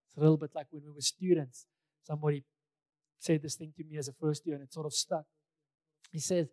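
A man's voice: a little high, flat delivery, brisk, long pauses, a little mellow, no echo. A male pastor preaching a sermon in a conversational way, repeating key phrases for emphasis, with touches of light humor.

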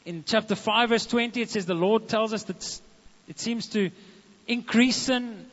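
A man, a pastor preaching a sermon in a church, animated and speaking straight to the congregation. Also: high voice, moderate pace. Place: church hall. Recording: dull muffled echoing hall recording.

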